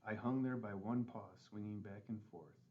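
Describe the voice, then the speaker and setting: A man's voice: on the low side, fairly even intonation, normal speed, phone-quality sound. A man reading a children's chapter book aloud, giving the characters light voices. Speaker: school board president reading aloud.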